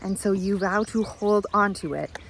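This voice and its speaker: A woman giving a reflective self-help monologue, speaking in slow, measured, repetitive phrases. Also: mid-range voice, slight background noise, low-quality recording.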